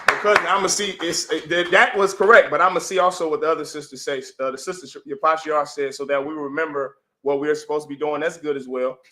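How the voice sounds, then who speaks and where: A man's voice: on the high side, fairly even intonation, fast talker, few pauses, sharp tone, slight background noise. A man teaching a religious class, pressing his listeners with repeated rhetorical questions and calling on them for answers. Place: room with audience. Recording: echoey room.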